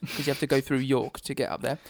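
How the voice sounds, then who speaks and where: A man's voice: medium pitch, fairly even intonation, fast, vocal fry, dry recording. A man co-hosting a casual podcast, rambling and giggly, with lots of fillers and restarts. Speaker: podcast co-host.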